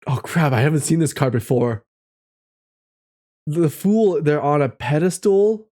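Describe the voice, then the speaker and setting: A man's voice: fairly high pitch, a little slow, warm tone. A man live-streaming casually, reading chat messages aloud and drawing tarot cards, reflective and encouraging, laughing often.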